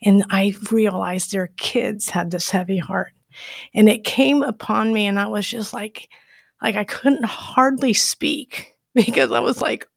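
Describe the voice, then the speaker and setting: A woman telling a personal faith story in a soft, emotional way, during a conversation. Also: medium pitch, a little slow, vocal fry, slightly rough, no echo, studio quality.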